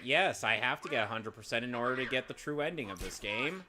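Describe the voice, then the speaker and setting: A man hosting a let's play, chatting casually in an excitable, rambling way. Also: mid-range voice, fast talker. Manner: excitable, rambling, lots of restarts. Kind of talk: casual gameplay chat.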